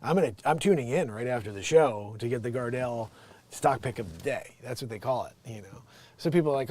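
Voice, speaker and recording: Animated man riffing on comedy news. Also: medium pitch, fairly quick, no room sound. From United States. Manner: animated, swings between loud outbursts and muttered asides; chatty, addresses viewers as guys, lots of you know. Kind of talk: improvised comedy news riff.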